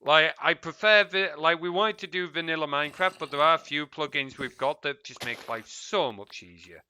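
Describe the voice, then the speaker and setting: A man's voice: fairly high pitch, normal speed, pushed and bright, a little hiss or hum. A man chatting casually while streaming a game, cursing at mobs and muttering asides to viewers. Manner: swears freely, mutters asides, chats to viewers. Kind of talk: casual gameplay stream chat.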